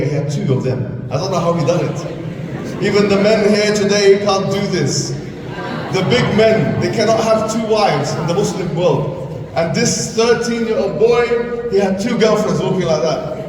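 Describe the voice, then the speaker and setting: A man gives a lively talk to school students, slipping into little acted-out exchanges and firing questions at the crowd. His voice sits a touch high and sounds distant from the mic. A long, echoing hall reverb and steady background noise surround him. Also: normal speed. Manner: animated storytelling, acts out dialogue, quizzes the audience. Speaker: guest speaker at a school.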